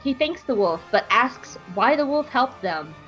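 Irreverent higher-voiced woman recapping. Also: a little slow, highs cut off, faint music behind. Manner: lively, irreverent, swears casually. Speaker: podcast co-host. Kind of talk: casual episode recap.

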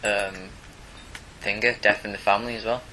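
A man co-hosts a casual comics podcast, laid-back and fairly brief. His voice sits a little low but has a crisp, bright tone. Light hiss runs in the background. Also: little pitch movement, normal speed, poor audio. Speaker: podcast co-host.

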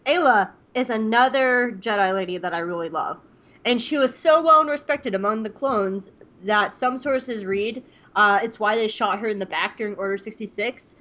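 A young woman co-hosting a podcast, recapping an episode in a quick, excited way and laughing often. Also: mid-range voice. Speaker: podcast co-host. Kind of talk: casual chat and episode recap.

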